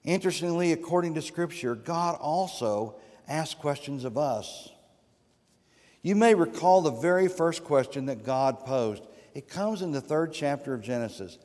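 A man preaching a sermon as a guest preacher, with sweeping rises and drops in pitch and loudness. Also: lively intonation, moderate pace. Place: church sanctuary. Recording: long reverb of a church sanctuary.

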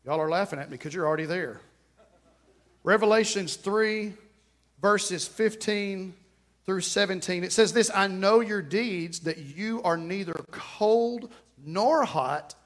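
A man with a notably high speaking voice preaches in church. His delivery is fervent yet conversational. He drops into quiet, joking asides with the congregation, then rises into loud exclamations. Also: measured pace. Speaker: pastor. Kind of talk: sermon.

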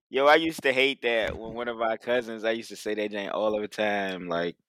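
A man's voice: fairly low pitch, steady tone, moderate pace, fairly bright tone, clean tone, no room sound, studio quality. A man co-hosting a podcast in casual chat, teasing and laughing along. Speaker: podcast co-host.

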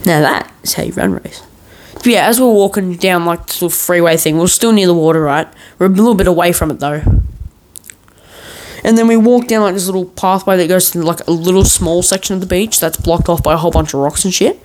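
A man's voice: high-pitched, brisk, darkish tone, a little hiss or hum, rough recording. A man hosting a podcast, telling a long story in a meandering, joking way full of swearing and restarts. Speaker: podcast host. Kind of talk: rambling casual storytelling.

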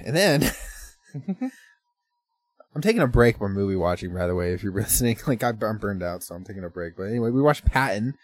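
A man's voice: fairly low pitch, sing-song, fairly quick, dry recording. A man chatting casually as a podcast co-host, rambling through movie plots, laughing often and swearing freely. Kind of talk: casual chat.

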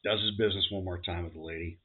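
A man tells dirty jokes with plenty of bounce, slipping into voices for each character. His voice sits a little low. The sound is thin and tinny, like a phone line. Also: racing. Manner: animated joke teller doing character voices. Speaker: podcast co-host. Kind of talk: casual joke telling.

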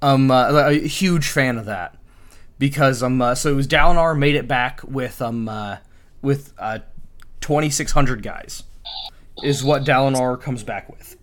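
A man's voice: medium pitch, a little slow. Rambling man retelling a story. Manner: rambling retelling with many fillers, acting out dialogue. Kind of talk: casual chat.

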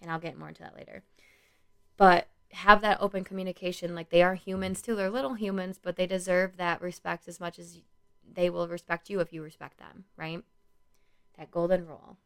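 A woman's voice: on the low side, steady tone, brisk, vocal fry, sharp tone, clean tone. A young woman who works as a school social worker, talking earnestly and loosely in a casual solo podcast, with lots of "like" and "you know". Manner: rambling, earnest, many "like" and "you know" fillers.

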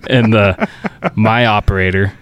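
A man's voice: on the low side, steady tone, measured pace, fairly bright tone, a little hiss or hum. A man, a trucker guest on a podcast, telling crude work stories casually and laughing often. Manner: profane storyteller, laughs often. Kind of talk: casual chat.

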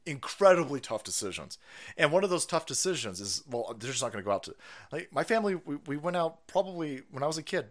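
A man's voice: on the high side, fast talker. A man hosting a livestream, ranting profanely about politics and reading out chat messages, often repeating himself. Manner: foul-mouthed, animated, repeats himself, reads chat aloud. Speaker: livestream host.

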